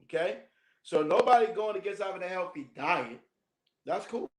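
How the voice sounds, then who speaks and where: A high-pitched man leads a teaching session, reading a passage aloud and cutting in with loose, slangy jokes. He laughs often between the lines. The room around him rings with a noticeable echo. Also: lively intonation, normal speed. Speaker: minister teaching a class. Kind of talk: reading a text aloud and commenting casually.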